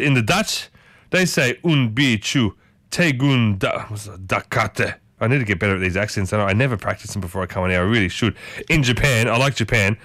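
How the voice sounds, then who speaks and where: A man's voice: mid-range voice, bright, forceful tone, dry recording. A man hosting a casual talk, chatting to his listeners and often turning to ask them questions. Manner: chatty, asks the audience many questions. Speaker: host.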